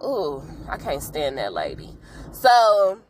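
A young adult woman hosting a podcast, casually recapping an episode with frank, slangy asides and quick acted-out character lines. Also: low voice, huge pitch swings, a little hiss or hum, rough recording. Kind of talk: casual chat.

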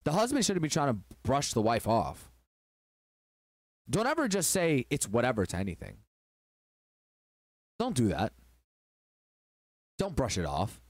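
A man's voice: medium pitch, huge pitch swings, a little slow, long pauses, dry recording, studio quality. Man giving emphatic relationship advice. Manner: emphatic, preachy storytelling.

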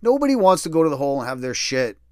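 Profane, animated man telling a story. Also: on the high side, rapid-fire, no echo, clean studio sound. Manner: profane, animated, restless retelling. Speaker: storyteller recounting prison time. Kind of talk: casual storytelling.

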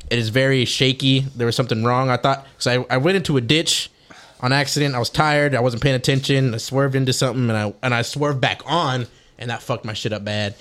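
A young man co-hosting a podcast, chatting casually and telling a rambling, animated story with lots of swearing. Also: mid-range voice, fairly quick. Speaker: podcast co-host. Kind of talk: casual chat.

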